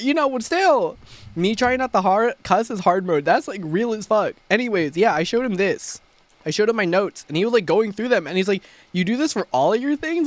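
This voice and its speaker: A young man streaming a casual recap, animated and often laughing and swearing. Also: very high-pitched, no room sound.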